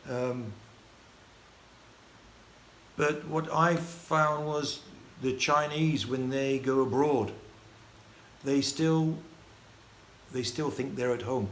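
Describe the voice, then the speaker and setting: A man from the United Kingdom telling his life story in a casual, halting vlog monologue full of restarts and fillers. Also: mid-range voice, steady tone. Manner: rambling, halting, many restarts and fillers, chuckling. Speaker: vlogger. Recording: echoey room with faint ambient noise.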